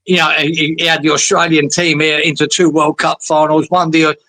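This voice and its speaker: A man's voice: on the high side, flat delivery, moderate pace, sharp tone, dry recording, rough recording. A man hosting a fan talk show, chatty and sweary, laughing along with his co-hosts. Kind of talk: casual chat.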